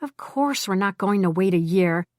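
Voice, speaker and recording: A woman's voice: mid-range voice, lively intonation, moderate pace, a little mellow, dry recording, lightly acted. Woman as a hearty, bossy male swindler, upbeat, dry close read. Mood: brisk. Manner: jovial, plotting and sometimes doubtful. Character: scheming male ex-con, cheerful and bossy.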